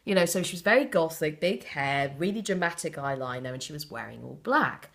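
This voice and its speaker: Lively storytelling woman from South West England. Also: low-pitched, fairly quick, gravelly. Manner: animated, laughing, theatrical storyteller. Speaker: interview guest. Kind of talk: casual storytelling interview.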